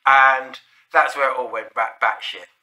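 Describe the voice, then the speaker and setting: A man's voice: medium pitch, steady tone, unhurried, pushed and bright. A man with a South London accent telling a rambling, sweary anecdote full of restarts and fillers. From South London, England. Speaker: storyteller. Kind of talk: casual anecdote.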